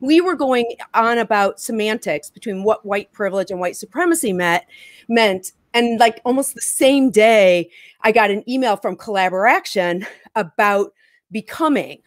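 A woman's voice: medium pitch, dry recording. A woman hosting a casual talk show over a video call, upbeat and laughing often. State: out of breath. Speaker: host.

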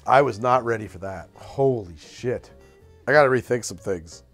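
A man hosting a comedic bartending show, talking in an animated, wry and profane way while he mixes and tastes drinks. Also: mid-range voice, moderate pace, soft background music. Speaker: cocktail show host.

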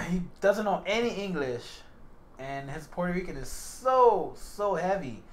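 A man hosts a relaxed podcast conversation, laughing often as he talks. His voice sits a bit high and swings widely in pitch, sounding animated throughout. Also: measured pace. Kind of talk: casual chat.

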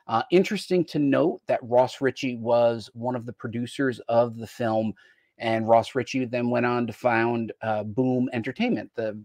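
A man's voice: medium pitch, darkish tone, no room sound, studio quality. An American man hosting a casual live-stream chat, talking in a rambling way and jumping between topics mid-sentence. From United States. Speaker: host.

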